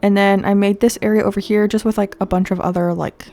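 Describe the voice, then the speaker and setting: A woman's voice: mid-range voice, steady tone, fast, warm tone, no room sound. Congested young woman chatting over game play. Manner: chatty, rambling, thinks aloud with fillers. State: congested, sniffling. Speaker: gaming video host. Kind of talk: casual gameplay commentary. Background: faint game music.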